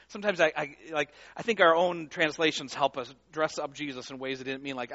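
A man's voice: on the high side, steady tone, a little fast, few pauses, sharp tone, muffled recording. A male pastor preaching a sermon in a conversational, emphatic way, with frequent fillers and restarts.

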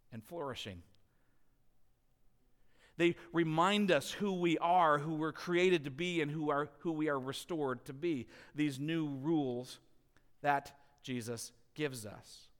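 A man preaching a sermon as a pastor, telling a family story with lively, animated delivery. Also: fairly high pitch, big-room sound. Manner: animated storytelling, rising loud when acting out scenes.

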